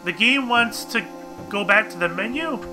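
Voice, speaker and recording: A man's voice: high-pitched, animated, moderate pace, over music. A young man casually commenting on a game for viewers, chatty and bemused, reading on-screen text aloud. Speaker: let's play gamer.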